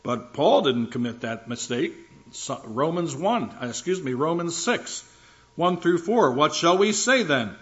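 Guy preaching a sermon, bit high voice, hammers his points by repeating em, muffled lo-fi sound. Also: very animated. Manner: earnest, emphatic, repeats phrases for stress; reads scripture slowly and deliberately. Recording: dull lo-fi sound.

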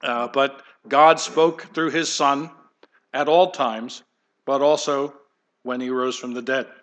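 A man's voice: medium pitch, fairly even intonation, takes it slowly, a bit bright. A man preaching a conversational sermon to his congregation, with light humor and asides. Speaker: pastor.

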